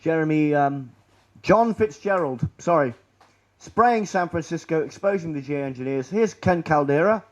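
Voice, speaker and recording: Man presenter, fairly high voice, rambling sardonic talk to a room. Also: expressive, a little slow, dull audio. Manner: rambling, sardonic, trails off quietly. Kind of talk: public presentation. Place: lecture room.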